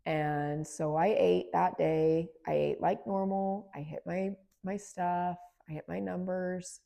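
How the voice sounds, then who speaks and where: A woman in her late thirties telling a personal fitness story in a casual, emphatic vlog, swinging between low, weary stretches and bursts of excitement. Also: slow, gravelly. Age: 30s. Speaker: fitness vlogger.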